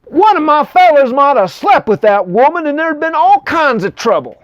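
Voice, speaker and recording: A man voicing an indignant ancient king who scolds in folksy, exclaiming slang, his voice pushed well above his usual pitch. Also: big pitch swings, moderate pace, no echo, clean studio sound.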